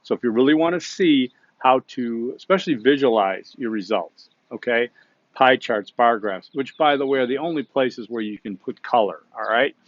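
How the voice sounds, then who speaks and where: A man's voice: medium pitch, expressive, normal speed, dry recording. Male teacher walking students through an assignment, chatty and loose, dry muffled lo-fi sound. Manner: conversational, frequent "okay?" check-ins and restarts. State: hiccups. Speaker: instructor. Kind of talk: recorded class instructions.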